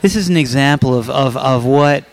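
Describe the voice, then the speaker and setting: A man hosting a faith talk program, speaking earnestly and haltingly, repeating words as he finds them. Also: medium pitch. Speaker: host of a Christian program.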